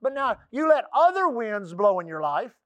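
A high-pitched male preacher from the Texas coast, delivering a folksy church sermon. He calls out for amens and slips into a hushed low voice for quotes. The sound is dry and close. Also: very animated, moderate pace, smooth, dry recording.

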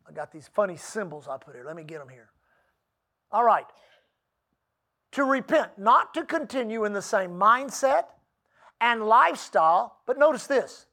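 High-pitched male preacher. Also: pushed and bright. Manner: preaching with rising emphasis and call-and-response; reads scripture aloud slowly. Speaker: pastor. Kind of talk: sermon.

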